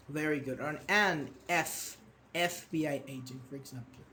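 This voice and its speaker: A fairly high-voiced man teaches an online grammar class and patiently walks his students through examples. He praises their answers as he goes, with a faint hiss of noise behind him. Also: normal speed, pushed and bright. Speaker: English teacher.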